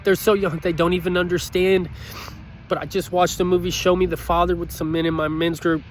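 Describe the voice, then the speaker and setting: A man's voice: high-pitched, little pitch movement, a little fast, slight background noise. Earnest, emotional man pleading outdoors. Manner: earnest, pleading, repeats his points. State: emotional, choked up. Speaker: motivational speaker. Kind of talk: heartfelt motivational talk to camera.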